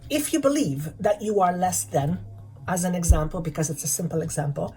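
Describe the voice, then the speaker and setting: A woman's voice: on the low side, expressive, a little fast, mellow, poor audio. Woman, spiritual healer voice, talks over faint music, repeats questions for emphasis. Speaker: channeler and energy healer. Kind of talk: spiritual guidance talk.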